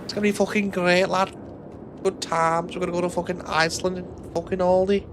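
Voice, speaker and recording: A rowdy, swearing young Mancunian lad, put on by a man, pitched well above his own voice and bellowing boisterously. Game noise runs clearly behind him. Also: level tone, a little fast.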